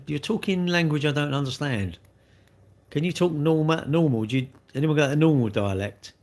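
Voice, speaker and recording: An English man chatting on a live stream, rambling and blunt as he answers viewers in a slangy way. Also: mid-range voice.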